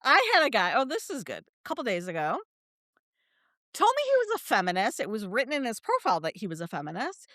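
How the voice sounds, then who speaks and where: Podcast co-host, woman, lively storyteller, dry close sound. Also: fairly high pitch, fast, no room sound. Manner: animated storyteller, quotes people in put-on voices, laughs often. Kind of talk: casual chat, storytelling.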